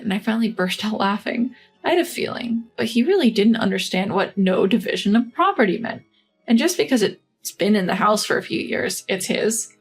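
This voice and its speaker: A woman narrating a scripted first-person story in an even, composed way. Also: medium pitch, fairly quick, husky, soft background music.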